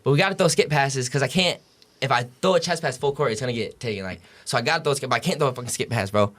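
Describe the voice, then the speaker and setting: A young adult college hoops player races through rambling stories in a mid-range, slightly bright voice during a casual podcast interview. His speech is slang-heavy, full of swearing and fillers like "you know what I'm saying".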